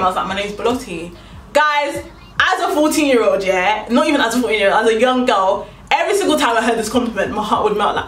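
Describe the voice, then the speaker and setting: Woman, rapid lively vlog storyteller, recorded from a distance in a reverberant room. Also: on the high side, faint music behind. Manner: animated, chatty storytelling, acting out quoted lines. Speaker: vlogger.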